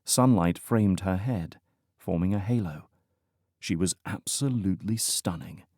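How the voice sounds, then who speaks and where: A man narrating a romantic suspense audiobook in a measured, even way. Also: low voice, dry recording, clean studio sound. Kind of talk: scripted narration.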